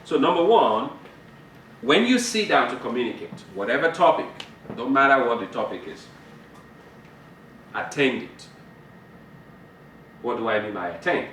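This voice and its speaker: A man's voice: mid-range voice, big pitch swings, unhurried, long pauses, fairly bright tone, a little hiss or hum. A middle-aged man teaching a couples group about communication in a conversational way, laughing and acting out dialogue. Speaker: marriage counselor. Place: fellowship meeting room. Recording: roomy, from a distance.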